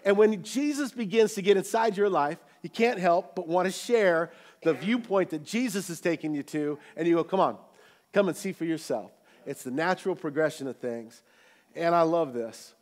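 A male pastor preaching a sermon to his church, moving between loud, animated calls to the congregation and relaxed, joking storytelling. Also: sits high, normal speed. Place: church auditorium.

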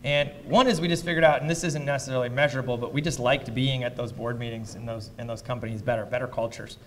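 A man who invests in startups, speaking as a fireside chat guest before a live audience, blunt and profane as he tells lively anecdotes. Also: mid-range voice, fast, long reverb tail, slight background noise. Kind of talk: candid onstage storytelling.

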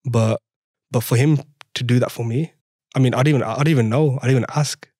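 A fast-talking young man from France, with a French accent, shares his story in a casual podcast interview, laughing often and animatedly re-enacting dialogue. His medium-pitched voice is warm and slightly rough, recorded dry at studio quality.

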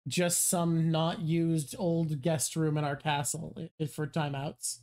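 Dry-joking woman with a low, mellow voice. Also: level tone, slow pace. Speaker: show host. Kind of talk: casual chat.

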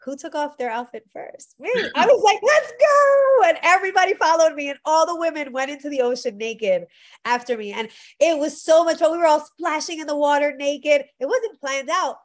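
A woman's voice: sits high, normal speed. A woman who leads spiritual retreats, talking in a casual chat and animatedly acting out the people in her stories. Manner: animated storyteller who acts out quotes. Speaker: retreat leader and spiritual guide.

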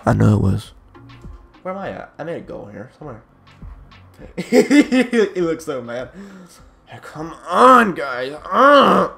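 A young man recording gameplay commentary, yelling frustrated outbursts at the game with a strained, cracking voice. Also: on the high side, big pitch swings, takes it slowly, vocal fry, long pauses, soft background music. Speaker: gaming YouTuber.

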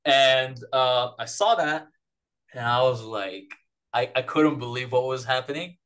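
A man's voice: mid-range voice, measured pace, fairly bright tone, rough recording. A man from Palestine, a podcast guest, retelling a story in a casual, rambling, profane way.

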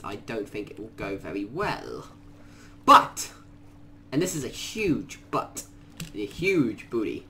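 Shrieking, excitable young gaming guy. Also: mid-range voice. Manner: excitable, shrieks and swears in panic; mutters quietly to himself between outbursts. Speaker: gaming YouTuber. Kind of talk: let's play commentary.

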